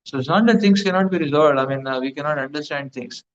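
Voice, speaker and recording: A man's voice: a little high, fast talker. A man giving a devotional lecture as a spiritual teacher, rambling with many fillers like "you know". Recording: dull lo-fi recording.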